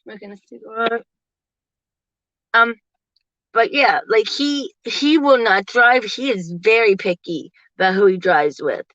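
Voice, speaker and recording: A woman in her forties chatting casually to viewers from her parked car, laughing often and getting animated when she quotes people. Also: on the high side, measured pace, no room sound, muffled recording. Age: 40s. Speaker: livestream host.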